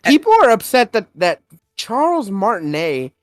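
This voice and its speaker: A young man co-hosting a podcast, excitedly retelling a movie trailer in casual, swear-laden chat. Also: high voice, normal speed, no room sound, faint music behind. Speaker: podcast co-host.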